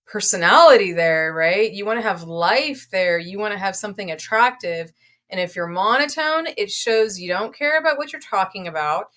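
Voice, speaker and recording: Woman co-host, chatty and expressive. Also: medium pitch, normal speed. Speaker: podcast co-host. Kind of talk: casual advice chat.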